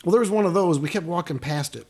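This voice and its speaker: A man co-hosting a casual podcast, telling a gig story with animated, loud exclamations. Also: fairly high pitch, fast talker, husky. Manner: animated, rising to loud exclamations when retelling. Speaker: podcast co-host; guitarist.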